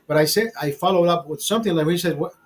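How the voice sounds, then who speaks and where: High-voiced, profane man rambling casually. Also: quick pace, rough recording. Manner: profane, rambling, many restarts; calls the listener brother. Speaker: channel host. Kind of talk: casual storytelling over a beer.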